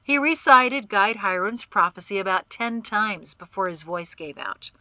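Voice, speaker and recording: A woman's voice: mid-range voice, measured pace, pushed and bright, dry recording, low-quality recording. A woman reading an audiobook, voicing a cheerful male scout who brings news from the army camp. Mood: amused.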